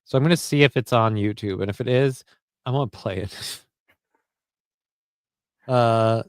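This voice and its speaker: A man hosts a loose, jokey livestream, cursing freely as he reads comments and card text aloud. His voice is smooth and clear, at a middle pitch. The sound is dry and close. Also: a little slow, no room sound. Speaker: livestream host. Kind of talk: casual livestream chat.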